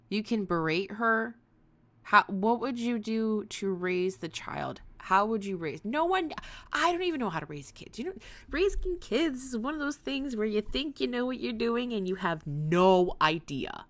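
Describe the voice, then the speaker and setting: A woman's voice: mid-range voice, expressive, unhurried. A woman hosting a casual livestream, talking in a sarcastic, rambling way and swearing now and then. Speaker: livestream host.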